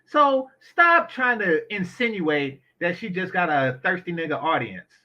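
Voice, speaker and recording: A man with a bright, forceful voice gives blunt, opinionated commentary and swears freely. He sits a little high in his register. The audio is dull and lo-fi. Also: very animated, a little slow. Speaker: commentary channel host. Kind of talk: casual commentary on an interview.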